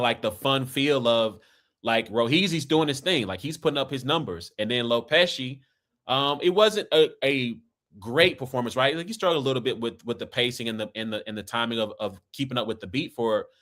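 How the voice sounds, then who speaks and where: A man's voice: mid-range voice, moderate pace, fairly bright tone. A man from Kansas City with an American accent, hosting a casual talk in a loose, rambling way and tagging his points with "right?" and "man.". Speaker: podcast host. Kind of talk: casual conversation.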